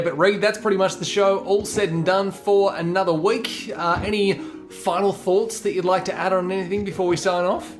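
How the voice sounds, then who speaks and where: A man co-hosting a podcast, chatting casually and easily. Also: fairly high pitch. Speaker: co-host.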